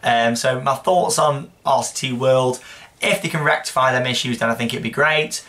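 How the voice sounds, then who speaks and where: A man's voice: medium pitch, fairly even intonation, normal speed, bright, forceful tone. A young man hosting a casual show, answering viewer questions in a chatty, rambling way. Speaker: host.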